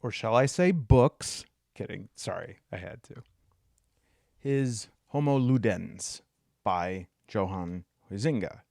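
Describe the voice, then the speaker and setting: A man telling a story in a casual monologue, joking as he goes and climbing to a high, excited pitch when he gets worked up. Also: takes it slowly, creaky, dry recording, studio quality. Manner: jokey asides, many fillers. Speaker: solo video essayist.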